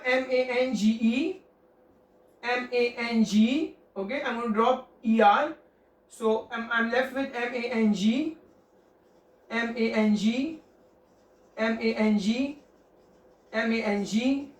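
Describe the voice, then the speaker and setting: A man with an Indian accent, teaching a grammar lesson to students, repeating points and spelling words letter by letter. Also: very high-pitched. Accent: Indian English. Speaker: French teacher. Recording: echoey room, mic at a distance.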